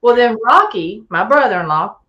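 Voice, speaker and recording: A woman guest telling a camping story in a casual, animated way, acting out other people's voices and chuckling as she goes. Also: a little high, normal speed, lo-fi sound. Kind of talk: casual storytelling on a call-in show.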